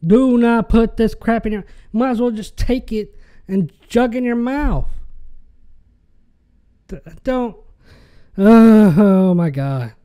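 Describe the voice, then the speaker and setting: Young guy ranting on his podcast, high voice, slow and fed up, keeps stumbling over words. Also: mellow, clean tone. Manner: exasperated, swears, stumbles and repeats words. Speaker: podcast host.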